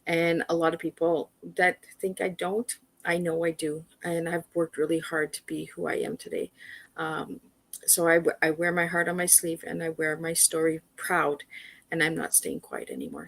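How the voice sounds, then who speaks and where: Earnest woman guest with a gravelly voice. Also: on the low side, normal speed, no echo. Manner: earnest, repeats words, advises listeners directly. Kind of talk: personal awareness talk. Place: livestream video call.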